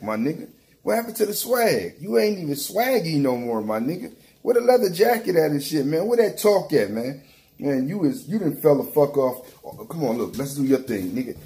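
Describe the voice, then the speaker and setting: A man's voice: on the high side, mellow. A man giving a heated, profane commentary rant, repeating himself and calling someone out directly. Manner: heated, repetitive, calls out directly. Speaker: battle rap commentator.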